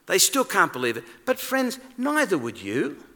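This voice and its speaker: A man preaching a sermon in a conversational, animated way, acting out quoted lines. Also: sits high, moderate pace. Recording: long reverb of a large hall.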